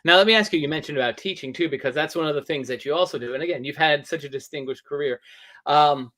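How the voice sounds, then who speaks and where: A man's voice: fairly high pitch, fast, pushed and bright. A man hosting a live interview, asking questions and adding brief encouraging interjections. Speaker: host.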